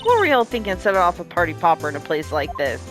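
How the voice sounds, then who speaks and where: A woman's voice: fairly low pitch, very animated, fast talker, a bit bright, faint music behind. A woman voicing a touchy, brash country woman photographer with a put-on Southern drawl, folksy and scolding. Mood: gruff. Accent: put-on American Southern drawl.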